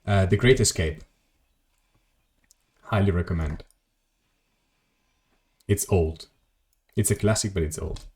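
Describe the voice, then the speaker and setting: A man's voice: deep voice, slow, long pauses, darkish tone. A man streaming a video game, rambling casually to his chat and swearing at mishaps. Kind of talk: casual gameplay commentary.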